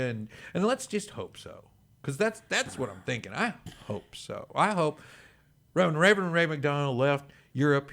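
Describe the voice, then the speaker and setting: A man's voice: mid-range voice, creaky, fairly bright tone. A man with a Texan accent hosting a local radio talk show, chatting in a rambling way and laughing often. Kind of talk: casual chat.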